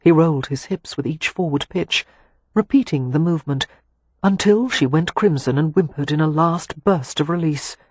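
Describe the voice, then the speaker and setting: A male narrator reads a romance audiobook in a slow, intimate way. His voice sits a bit high and sounds husky. The recording is close and dry. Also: a little mellow, no echo. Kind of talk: scripted narration.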